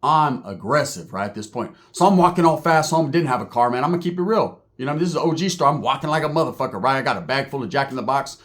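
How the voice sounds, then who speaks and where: A man's voice: medium pitch, animated, fast, few pauses, fairly bright tone. A man telling a comic story from his own life in profane, streetwise talk, checking in with "right?" again and again.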